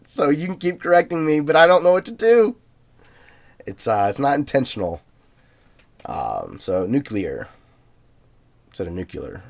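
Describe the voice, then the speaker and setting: Relaxed man chatting on a podcast. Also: mid-range voice. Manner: relaxed, filler-heavy, laughs easily. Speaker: podcast co-host. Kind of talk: casual chat, reading listener emails.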